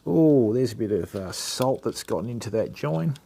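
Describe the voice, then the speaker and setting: Aussie bloke from WA doing a live fishing reel demo, chatty, calls everyone mate, warm dark-ish voice. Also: male voice, mid-range voice, animated, moderate pace, gravelly, slight background noise. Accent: Australian. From Western Australia. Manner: casual, matey, chats to viewers while working. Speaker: fishing channel host.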